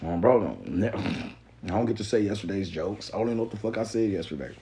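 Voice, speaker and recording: Man, low-pitched, streaming a profane, preachy lecture with lots of energy. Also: brisk, warm tone, rough recording. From Mississippi Delta. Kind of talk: casual live-stream monologue.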